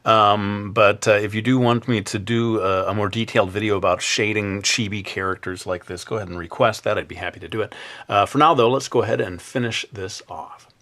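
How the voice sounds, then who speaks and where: A man narrating a drawing tutorial in a relaxed, chatty way, with many filler sounds and some self-deprecating asides. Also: fairly low pitch, fairly quick. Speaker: drawing instructor.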